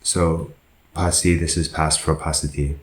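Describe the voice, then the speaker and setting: Very deep, slow-speaking man teaching. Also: little pitch movement, reverberant. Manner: slow, patient, corrects himself often. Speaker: Buddhist monk teaching Pali. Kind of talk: language lesson.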